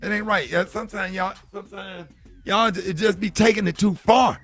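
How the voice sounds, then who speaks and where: A man hosting a morning radio show, chatting casually and joking loudly. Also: high-pitched, steady tone, a little fast. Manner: loud, joking, fake sneezes and playful yelling. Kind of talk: casual on-air banter.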